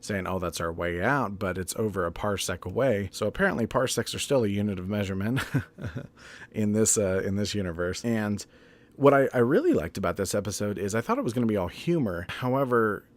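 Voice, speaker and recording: Laid-back, low-voiced man chatting casually. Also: lively intonation, a little fast. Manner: loose and chatty, laughs often, swears freely. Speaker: TV episode reviewer. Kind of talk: casual spoken review recap.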